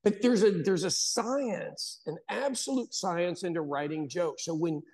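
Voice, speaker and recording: An American man hosting a casual chat, an animated storyteller who mimics voices in his anecdotes. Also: high voice, a little slow. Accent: General American. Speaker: podcast host.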